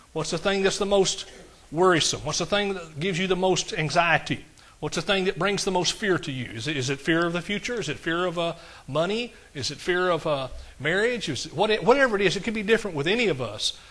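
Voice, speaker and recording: Pastor preaching, bright voice, sits a bit high, chatty and folksy with the congregation. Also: male voice. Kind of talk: sermon.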